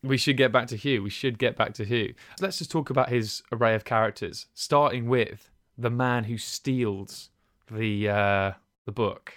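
A man's voice: fairly low pitch, unhurried, fairly bright tone, no room sound, studio quality. A man co-hosting a casual podcast chat, talking in a rambling, enthusiastic way. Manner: rambling, enthusiastic, many restarts and fillers. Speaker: podcast co-host.

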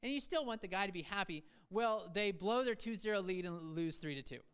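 Pastor in the pulpit, man, smooth clear voice, casual storytelling sermon with sudden emphatic peaks. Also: sits high, animated. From Seattle area, USA. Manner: conversational preaching, self-deprecating asides, quick swings from soft to emphatic. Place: church sanctuary.

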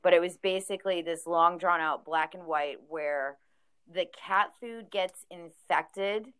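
A woman's voice: on the low side, measured pace, a bit bright, clear, resonant tone. A woman who owns a record store, chatting casually as a podcast guest, laughing often and acting out quotes.

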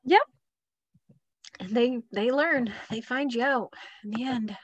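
A woman's voice: fairly high pitch, slow, no room sound, lo-fi sound. A woman, a mother and wellness coach, co-hosting a podcast in a rambling, chatty way full of fillers. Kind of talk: casual podcast chat.

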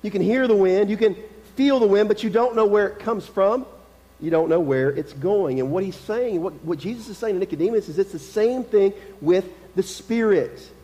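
High-voiced preacher in an echoing hall. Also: male voice, normal speed, mellow, muffled recording. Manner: conversational, emphatic, repeats key phrases. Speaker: pastor. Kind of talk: sermon. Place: church sanctuary.

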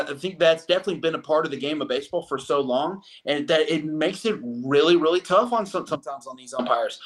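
Rambling sports-talk man, slightly high voice. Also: a bit bright. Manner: rambling, many restarts and fillers. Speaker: sports podcast co-host.

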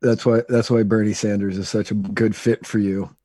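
A man's voice: on the low side, flat delivery, normal speed, dark tone, dry recording. A man co-hosting a podcast in casual comedic chat, easygoing and laughing often. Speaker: podcast co-host.

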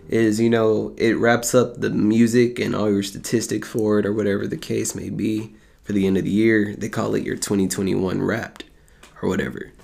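A man's voice: fairly low pitch, vocal fry. A young American man hosting his podcast in a rambling, casual monologue, laid-back, joking and full of profanity. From United States. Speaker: podcast host.

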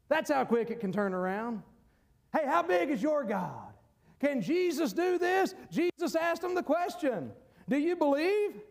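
A male preacher with a very high voice delivers a sermon. He is emphatic, laughs between points and rises to shouts. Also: very animated, a little slow, vocal fry, pauses often.

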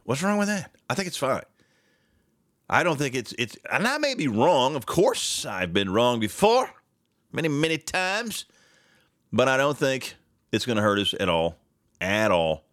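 A man hosting a political talk show, talking in a sarcastic, animated and mocking way. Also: mid-range voice, measured pace, pauses often, no room sound, studio quality.

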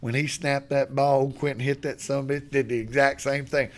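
A middle-aged man from west Texas, a podcast guest, spins a rowdy, profane yarn in casual chat. His voice sits at a medium pitch and moves fairly quickly, folksy and animated throughout.

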